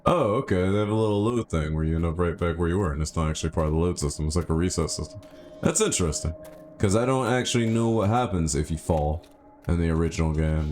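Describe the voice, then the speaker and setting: A man streaming a game live, chatting casually and thinking out loud, with sudden excited yelps. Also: low-pitched, a little hiss or hum. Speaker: gaming streamer. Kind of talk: casual live gameplay commentary.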